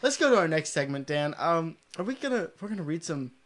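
A man's voice: fairly high pitch, fast talker. A man co-hosting a casual podcast chat, joking and swearing freely. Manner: joking, profane, animated. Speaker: podcast co-host.

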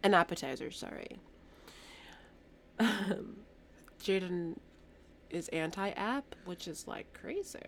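A woman's voice: fairly low pitch, takes it slowly, long pauses, slight background noise. A woman co-hosting a podcast in casual chat, trailing off with fillers and correcting herself as she goes. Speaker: podcast co-host.

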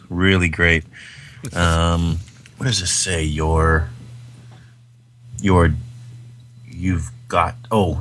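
A man's voice: low-pitched, a bit bright, a little hiss or hum. A man co-hosting a podcast, chatting casually about films in a rambling, enthusiastic way with lots of fillers. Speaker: podcast co-host. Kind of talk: casual film chat.

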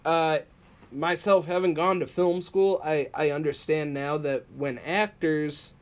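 Brief: man, slightly raised pitch, chatty storyteller, casual podcast co-host. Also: a little slow. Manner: storytelling, animated, laughs often. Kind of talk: casual wrestling chat.

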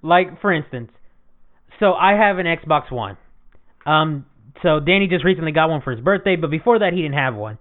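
A young man telling stories in casual chat, animated and swearing a lot. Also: a little high, normal speed. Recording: tinny lo-fi phone-like sound.

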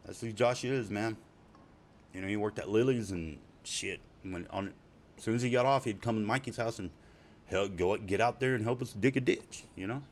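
A man's voice: on the low side, normal speed. A middle-aged man telling casual, profane stories, rambling and laughing often. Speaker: storyteller. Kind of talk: casual spoken storytelling.

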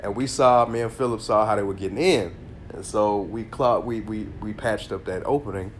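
Solo podcast host, male, stuffy nose, loose profane storyteller who gets loud when excited. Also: lowish voice, normal speed, slight background noise. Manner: animated storytelling, slangy and profane, bursts of laughter. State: congested. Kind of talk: casual solo podcast monologue.

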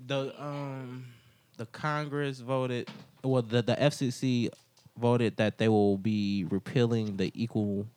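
A man's voice: mid-range voice, flat delivery, takes it slowly, darkish tone, a little hiss or hum. A young man hosting a casual podcast chat, telling rambling stories full of filler words. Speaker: podcast host.

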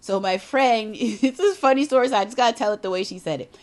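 A woman's voice: a little high, quick pace. Emphatic woman giving a motivational talk. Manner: emphatic, conversational, drops into animated character voices for retold quotes. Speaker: self-help speaker.

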